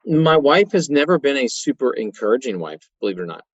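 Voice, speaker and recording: A man, telling stories in a folksy, animated way as a guest in a conversation. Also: mid-range voice, a little fast, no echo. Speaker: guest, auto repair shop owner. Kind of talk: conversational interview storytelling. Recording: dry, muffled sound.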